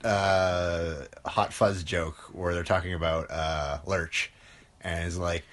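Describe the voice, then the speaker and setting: A man co-hosting a comedy podcast who tosses in quick, absurd quips during casual chat. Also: low-pitched, steady tone, fairly bright tone. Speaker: podcast co-host.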